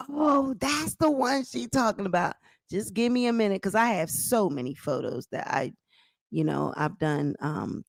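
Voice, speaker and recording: A woman hosting a vlog, delivering casual gossip commentary in a profane, animated way that is full of laughter. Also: lowish voice, vocal fry, no room sound. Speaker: vlog host.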